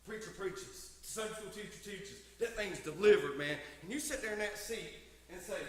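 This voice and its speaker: A man's voice: high voice, normal speed. A middle-aged man preaching a folksy, emphatic sermon in a church, his volume swelling and dropping. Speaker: pastor. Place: church sanctuary. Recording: echoey hall, mic from far off.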